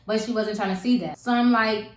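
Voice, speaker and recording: A young woman telling a story in casual chat, animated and profane, acting out the people she quotes. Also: mid-range voice, brisk. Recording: echoey room.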